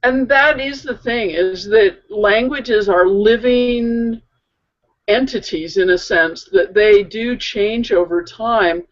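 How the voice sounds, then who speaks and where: A woman co-hosting a casual chat, talking slowly and hesitantly with many pauses and fillers. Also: medium pitch. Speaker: co-host. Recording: muffled lo-fi audio.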